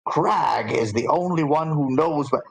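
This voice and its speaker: A man voicing a male character who reads a secret note aloud in halting, clipped phrases. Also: a little high, expressive, pitched above the performer's own voice. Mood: secretive.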